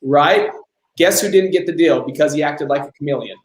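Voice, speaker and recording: A man's voice: a little high, brisk, roomy sound, low-quality recording. A man hosting a live Q&A on business coaching, telling stories and acting out the dialogue. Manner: animated storyteller, acts out quoted dialogue. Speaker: host.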